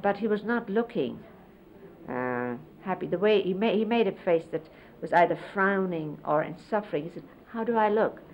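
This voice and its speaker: A woman's voice: on the low side, expressive. Middle-aged woman reminiscing on lo-fi videotape. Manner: conversational, unhurried, often quotes others. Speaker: interviewee recalling life with a spiritual teacher. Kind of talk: casual reminiscing, explaining hand gestures. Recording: lo-fi 1970s videotape, faint hiss.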